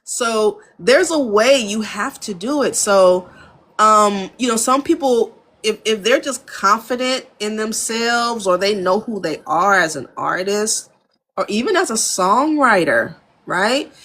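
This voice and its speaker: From her home studio, this American audio engineer and producer chats candidly in a relaxed interview, speaking in an unhurried, mid-range voice. She laughs frequently and brings her stories to life by acting out studio conversations.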